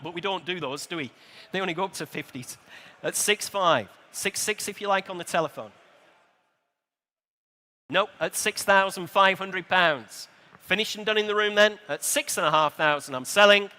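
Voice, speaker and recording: A man working as an auctioneer, calling motorcycle bids in a brisk, rhythmic patter with quick friendly asides to bidders. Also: high-pitched, pushed and bright. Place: motor show sale room. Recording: reverberant large exhibition hall.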